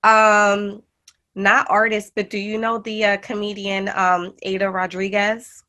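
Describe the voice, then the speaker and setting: A young woman guest chatting casually, an excited storyteller who acts out her own retellings. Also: medium pitch, measured pace. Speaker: guest artist and jewelry designer. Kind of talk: casual chat.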